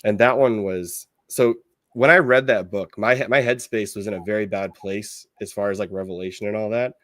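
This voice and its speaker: A man hosting a podcast, talking in a relaxed, chatty way with his guest. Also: on the low side, brisk, dry recording, clean studio sound. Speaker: podcast host. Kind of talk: casual podcast conversation.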